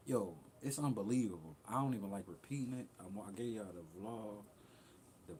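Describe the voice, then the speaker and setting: A man's voice: lowish voice, fairly quick, a little mellow, a little hiss or hum. A young man talking bluntly and profanely in a rambling livestream rant, jumping between thoughts. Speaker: livestream host.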